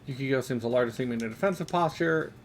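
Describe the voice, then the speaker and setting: A man's voice: mid-range voice, racing, a little hiss or hum. A man casually commenting while he plays a fighting game, chatty and wry, drifting off on tangents. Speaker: streamer playing a fighting game.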